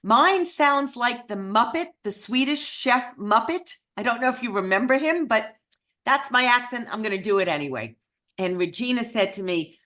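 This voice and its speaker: Woman, storytelling talk, animated pitch, expressive delivery. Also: normal speed. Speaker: speaker at a remembrance event.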